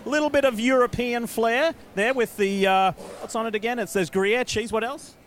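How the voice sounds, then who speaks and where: A man's voice: extremely high pitch, fairly bright tone, a little hiss or hum. Upbeat Australian man hosting. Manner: upbeat, quick emcee patter. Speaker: broadcast host. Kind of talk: live motorsport broadcast hosting.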